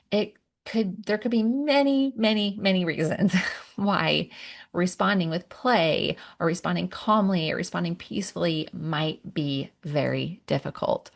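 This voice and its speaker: A woman with a deep voice and a gravelly fry gives a gentle podcast talk as a parenting coach. She walks through each step in a reflective way and sighs between thoughts.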